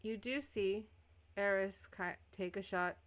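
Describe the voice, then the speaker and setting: A woman's voice: medium pitch, slow pace. A woman running a tabletop game as game master, narrating in a casual, loose way.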